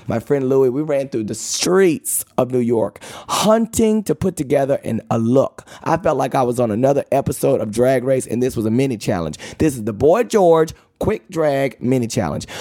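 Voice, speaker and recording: A man hosting a podcast, telling a story in a chatty, campy, animated way with playful asides. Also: no room sound, clean studio sound. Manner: animated, campy, chatty, with lots of "okay?" and "girl"; dramatic pitch swings and playful asides. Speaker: podcast host. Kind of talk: casual storytelling monologue.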